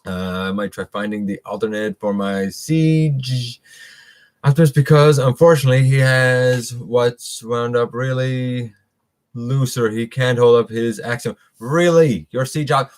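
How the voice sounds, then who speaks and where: A middle-aged man with a mid-range voice hosts a casual live stream at a normal pace. He chats loosely with viewers and reads their comments, using many fillers and restarts.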